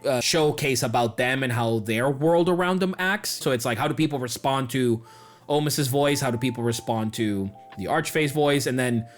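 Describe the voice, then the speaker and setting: A man's voice: mid-range voice, moderate pace, soft background music. A man, the game master of a tabletop show, chatting casually and animatedly about how he builds his characters. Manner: animated, acts out quoted characters. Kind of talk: casual podcast chat.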